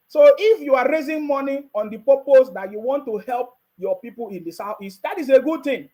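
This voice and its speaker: Man, Nigerian accent, very high voice, mocking, casual commentary. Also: rough recording. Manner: mocking, laughs often, repeats phrases. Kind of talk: casual live-stream commentary.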